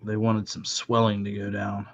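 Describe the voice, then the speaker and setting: A man's voice: fairly low pitch, completely flat delivery, moderate pace. A man co-hosting a casual wrestling podcast, teasing in a dry way and swearing casually. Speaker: podcast co-host. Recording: slightly dull lo-fi audio.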